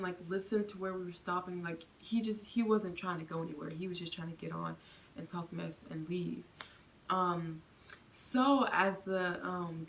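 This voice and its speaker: A young woman vlogger chatting through a storytime, full of fillers and animated retelling. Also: lowish voice, low-quality recording. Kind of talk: storytime vlog.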